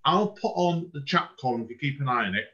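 Bright-voiced man hosting an open mic. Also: medium pitch, animated, quick pace, lo-fi sound. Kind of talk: casual hosting chat.

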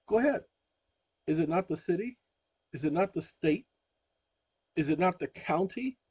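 This man hosts his own channel and delivers an emphatic, preachy monologue straight to his audience. His voice is husky and sits somewhat high for a man. The sound is dry and close, with no room echo. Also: darkish tone. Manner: emphatic and preachy, keeps addressing the audience directly. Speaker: channel host. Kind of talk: casual explanatory monologue.

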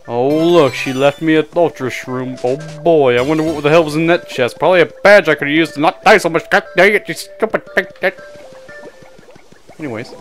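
A man's voice: a little high, fairly bright tone, faint music behind. A man casually commenting on his gameplay, crude and joking. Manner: joking, crude, quick to laugh. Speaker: let's play host.

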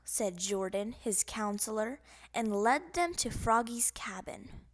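Woman, children's audiobook reader, high animated delivery, slow pace. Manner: expressive, sound effects voiced. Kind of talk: children's storybook narration.

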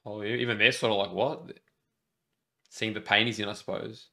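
A man co-hosting a movie reaction, chatting casually and breaking into excited exclamations. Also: fairly low pitch, normal speed, gravelly.

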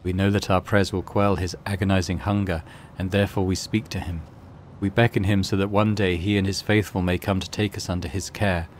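A man voicing a serene, creepy mutant cult priest in a video game, with a low murmuring delivery. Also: level tone, fairly quick, a little hiss or hum, natural voice. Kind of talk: reading game dialogue aloud.

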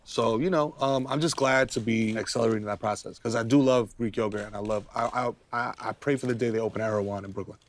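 A self-important male ballplayer with wild conspiracy theories, as a man sends him up in a comedy sketch. He talks in a lofty, mock-intellectual way and pushes his voice down low to seem smart, then flares up into high-pitched rants. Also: steady tone, quick pace, hardly any pauses, natural voice. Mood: smug. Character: smug, conspiracy-minded male pro basketball star. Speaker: comedy show host.

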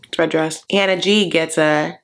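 Creaky campy man gossiping. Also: on the high side, fairly even intonation, moderate pace, a bit bright. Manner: campy, gossipy, sassy asides with "honey". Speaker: comedic TV recap host. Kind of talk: casual comedic recap.

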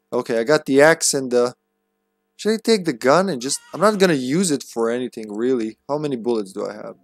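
A man's voice: medium pitch, lively intonation, fairly quick, dry recording, studio quality. A man streaming a horror game, musing aloud, reading notes and chuckling as he plays. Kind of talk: casual gameplay commentary.

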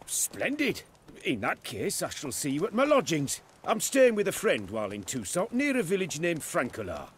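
A man's voice: a little high, wildly swooping pitch, normal speed, a little hiss or hum. An actor playing a genteel, formal male inventor who speaks in an effusive way.

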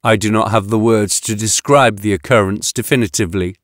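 A male audiobook narrator voicing an emotionless reanimated woman officer who speaks flatly and haltingly. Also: on the low side, no room sound, clean studio sound, natural voice. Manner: flat, toneless, halting.

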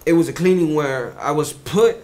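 Animated young man telling a wild story. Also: fairly high pitch, normal speed. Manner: animated, swears freely, repeats "you know what I'm saying". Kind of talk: casual storytelling chat.

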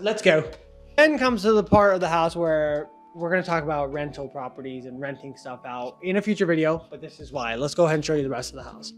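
High-voiced young man joking through a home tour. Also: fairly quick, faint music behind. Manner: joking, chatty, self-mocking. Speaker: vlogger giving a home tour. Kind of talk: casual house tour vlog.

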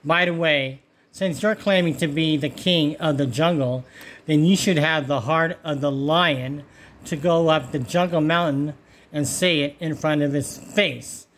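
A man voicing a wise male owl in a storybook fable, calm and teasing as he lectures. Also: on the high side, unhurried, slight background noise.

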